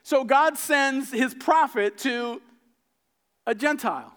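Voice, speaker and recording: A man preaching a sermon, retelling scripture stories with lively acted-out dialogue and frequent repeated words. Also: very high voice, slow. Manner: animated storytelling, acting out characters' lines.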